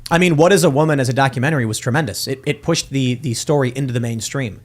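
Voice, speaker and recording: Speaking fast in a mid-range voice, a man hosting a political talk show argues emphatically in casual conversation. As a podcast host, he leans on acted-out quotes.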